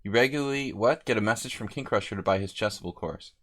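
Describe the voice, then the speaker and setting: A man's voice: lowish voice, quick pace, fairly bright tone. Rambling, chatty male chess streamer. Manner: rambling, chatty, reads out viewer names. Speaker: chess streamer hosting a simul. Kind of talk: casual live-stream chat.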